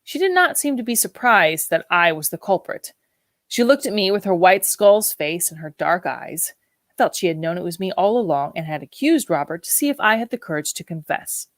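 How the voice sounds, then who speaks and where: A woman narrating a novel as an audiobook in a measured, reflective way. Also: lowish voice, animated, dry recording. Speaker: audiobook reader.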